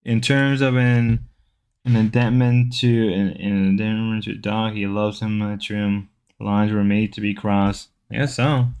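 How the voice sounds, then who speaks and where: A man's voice: fairly low pitch, level tone, measured pace, darkish tone, clear, resonant tone. A man hosting a casual livestream, chatting loosely and reading viewer comments, repeating himself as he rambles. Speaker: livestream host.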